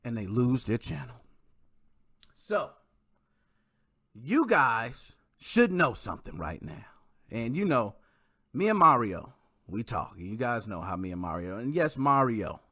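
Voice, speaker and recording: A man chatting casually on a livestream, his pitch swooping high and low as he talks. His tone is bright and forceful, and he addresses the viewers directly. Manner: animated, talks straight to viewers and greets chat. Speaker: livestream host.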